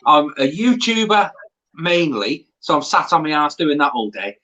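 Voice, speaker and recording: A man's voice: a little high, sing-song, normal speed, bright, forceful tone, highs cut off. A man hosting a live stream, joking with guests and reading out chat messages. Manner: joking, banters and reads chat. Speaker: host, YouTuber.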